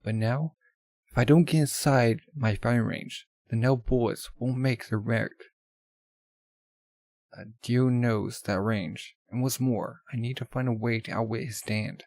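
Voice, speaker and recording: A man's voice: mid-range voice, steady tone, a little slow, a little mellow, dry recording, close to an everyday voice. Man reading as a determined young racer. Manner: tense inner monologue.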